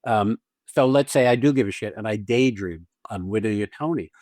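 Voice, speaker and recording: A man's voice: fairly low pitch, normal speed, a little mellow, dry recording, studio quality. A man hosting a podcast as an acting teacher, talking casually and animatedly, swearing freely and acting out little scenes with quoted lines.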